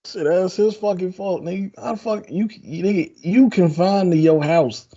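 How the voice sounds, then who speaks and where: A man with a high, gravelly voice swings his pitch freely as he jumps into podcast banter with teasing remarks. His mic sounds dull and lo-fi. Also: normal speed, mellow. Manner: laughing, teasing interjections. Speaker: podcast co-host. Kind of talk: casual chat.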